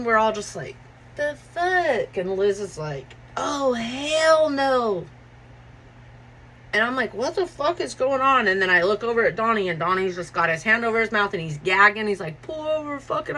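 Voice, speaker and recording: A woman in her forties telling a personal story in a loose, profane, animated way, acting out what people said. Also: fairly low pitch, slight background noise, poor audio. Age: 40s. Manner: profane, animated, acts out quotes. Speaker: podcast host. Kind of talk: casual storytelling.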